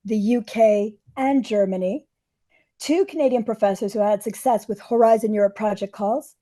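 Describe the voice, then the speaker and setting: A middle-aged woman hosts a webinar through a hoarse, scratchy voice that she has nearly lost. Her tone is deeply dark and mellow, and she stays welcoming and businesslike while she guides the session. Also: normal speed. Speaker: webinar host, diplomat. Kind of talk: hosting an online webinar. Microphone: microphone.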